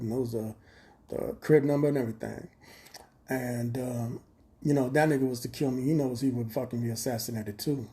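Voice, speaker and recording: A man talks straight into his phone on a livestream. His voice is mellow and dark-toned. He rambles bluntly and swears freely in a streetwise way. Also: medium pitch. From Chicago. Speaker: livestream host. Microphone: phone camera.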